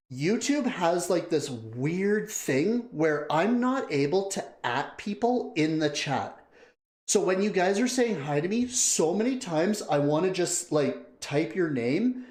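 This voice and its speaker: A man hosting a live stream, chatting casually and excitedly. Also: a little high. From Canada. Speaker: live-stream reaction host. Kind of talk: casual live-stream chat, greeting viewers. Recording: roomy echo.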